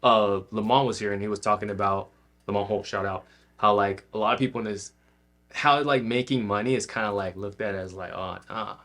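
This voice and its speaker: A man's voice: lowish voice, fairly even intonation, a little fast, a bit bright. A man co-hosting a podcast, asking questions in a laid-back, slangy, affirming way. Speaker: podcast co-host. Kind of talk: casual podcast interview.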